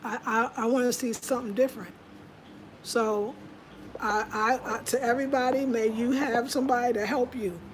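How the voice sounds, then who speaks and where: At a moderate pace and with a steady tone, a middle-aged vlogger from the United States talks casually into her camera at home; her voice is a little high. She's emphatic and chatty, voicing the people she quotes, with a little hiss or hum audible.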